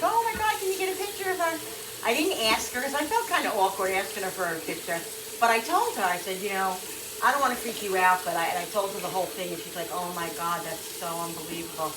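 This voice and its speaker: A middle-aged woman telling a personal story in an emotional, rambling vlog, repeating herself as she goes. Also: medium pitch. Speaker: vlogger. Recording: roomy echo, mic at a distance, noisy.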